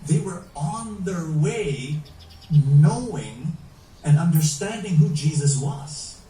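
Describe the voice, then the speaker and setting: A man delivers a sermon with a lively, swinging voice that sits a little high for a man. He speaks slowly and with emphasis, and his tone is mellow. He is heard from a distance in an echoey room, with faint ambient sound behind him. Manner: animated, emphatic preaching with rhetorical questions. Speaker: preacher.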